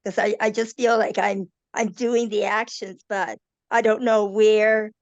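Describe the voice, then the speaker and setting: A woman patient thoughtfully sharing her experience in a casual group chat, pausing as she finds words. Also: mid-range voice, level tone, dry recording. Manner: thoughtful, halting. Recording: dull dry lo-fi sound.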